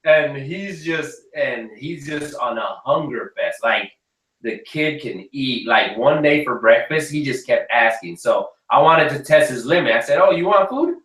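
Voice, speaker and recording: Chatty dad with a bright voice. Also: male voice, mid-range voice, unhurried, far from the mic. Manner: animated storyteller who acts out his kids' lines. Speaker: host of an RC hobby hangout. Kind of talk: casual chat. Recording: echoey room, a bit off-mic.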